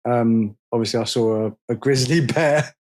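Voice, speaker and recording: A man's voice: mid-range voice, normal speed. A man in casual podcast chat, telling stories with lots of laughter and acted-out quotes. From England. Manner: animated storyteller, laughs a lot, acts out quotes.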